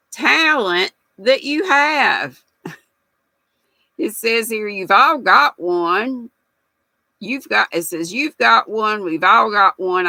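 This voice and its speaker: Gravelly older lady, slow folksy livestream chat, reads comments, dry sound. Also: lowish voice, bright, forceful tone, no echo, poor audio. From United States. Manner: chatty, folksy, reads viewer comments aloud and laughs often. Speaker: livestream host.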